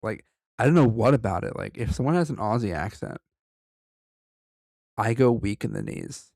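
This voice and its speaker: A man's voice: on the low side, wildly swooping pitch, moderate pace, creaky, a little mellow, dry recording. A man co-hosting a podcast, reading a story aloud and breaking off for profane, joking asides. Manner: profane, joking asides between read passages. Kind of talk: casual story reading with banter.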